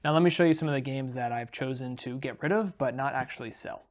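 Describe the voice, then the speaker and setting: A man chatting casually in a talking-head board game vlog, relaxed and unscripted with frequent ums. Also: mid-range voice, quick pace. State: briefly out of breath after carrying boxes. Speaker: board game video creator.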